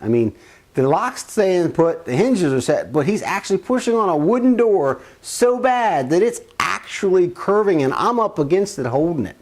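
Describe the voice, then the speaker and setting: A man's voice: sits high, moderate pace. A man telling a personal family story in a casual, rambling way, acting out the quotes as he goes. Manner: animated, rambling, acts out quotes.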